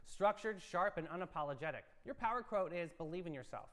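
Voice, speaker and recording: High-voiced man hosting with echoing reverb. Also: expressive, brisk, fairly bright tone. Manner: upbeat, theatrical storytelling. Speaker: morning show co-host. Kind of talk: playful horoscope and story segment. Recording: long reverb.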